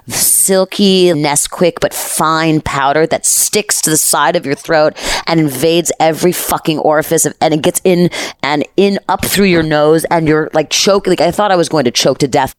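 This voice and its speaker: A woman podcast host telling a story in casual chat, animated, dramatic and profane. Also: very deep voice, no room sound, studio quality.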